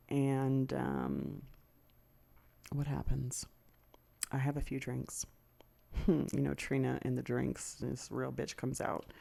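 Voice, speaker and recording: A woman hosts her own podcast, talking through a personal story with raw, profane anger. Her voice is dark and mellow, with a gravelly rasp that shows through. She vents and rants, now and then mimicking what others said. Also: rumbling low. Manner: profane, venting and heated, with quick mimicry of others. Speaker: podcast host. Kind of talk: candid storytelling monologue.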